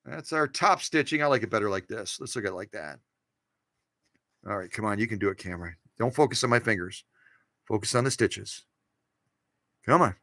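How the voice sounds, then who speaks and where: Jokey guy showing off a sewing machine, bright voice, dry close sound. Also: fairly low pitch, animated, brisk, long pauses, no echo. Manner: playful and jokey, cheers on the machine and camera. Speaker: host restoring and demonstrating vintage sewing machines. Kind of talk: casual hands-on demonstration. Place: home workshop.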